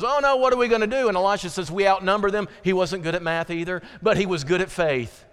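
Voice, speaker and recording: High-voiced preacher in a reverberant hall. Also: male voice, smooth. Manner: animated preaching with dramatic drops to quiet, earnest lines. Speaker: pastor. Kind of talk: sermon. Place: church sanctuary. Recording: church hall with long reverb.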